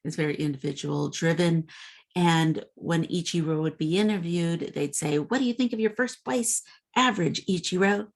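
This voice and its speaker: Low-voiced woman lecturing casually. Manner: conversational, with frequent fillers. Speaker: instructor. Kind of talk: informal recorded lecture.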